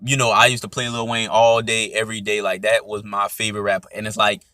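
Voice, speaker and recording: A man's voice: lowish voice, level tone, quick pace, pushed and bright, no room sound, studio quality. A young man with an Atlanta accent, hosting his own podcast and talking through his opinions in a loose, casual way, often tagging on "you know what I'm saying.". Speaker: podcast host. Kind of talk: casual solo commentary.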